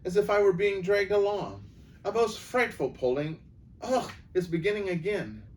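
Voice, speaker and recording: A man voicing a quick, commanding schoolboy in a storybook reading, brisk and urgent. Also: mid-range voice, animated, close to an everyday voice. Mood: breathless. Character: quick bossy younger schoolboy. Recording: distant mic, faint background noise.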